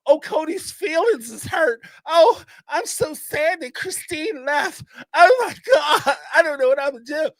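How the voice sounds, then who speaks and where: A man putting on a whiny, self-pitying person who mock-cries in a high, wailing voice. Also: animated, measured pace, hardly any pauses, a bit bright, dry recording, heavily acted.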